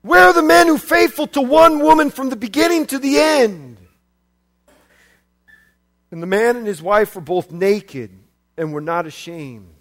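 A man from the United States preaches a sermon in a very high voice, speaking a little slowly and pausing often. He's animated, dropping into quiet asides before rising to loud shouts.

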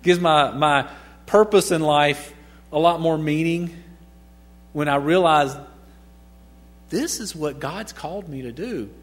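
A man's voice: fairly high pitch, slow, pauses often. A middle-aged man teaching a casual Bible study, chatty, chuckling often and asking his listeners questions. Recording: long reverb.

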